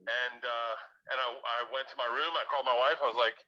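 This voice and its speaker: A man's voice: medium pitch, quick pace, dull audio. A man casually telling a profane backstage story on a podcast, acting out the people he quotes. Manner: animated, profane, acts out quotes.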